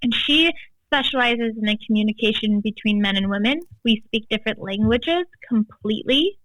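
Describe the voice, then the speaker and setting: A woman's voice: fairly high pitch, normal speed, a bit bright, no echo, rough recording. Podcast guest: an emphatic woman coach, casual, with a dry close sound. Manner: emphatic, frequent "like" fillers. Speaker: guest, tantra and embodiment coach.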